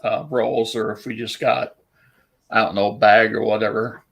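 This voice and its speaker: A man's voice: on the low side, level tone, moderate pace, creaky. A man in his fifties from Eastern Iowa, telling rambling, salty anecdotes in casual chat. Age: 50s.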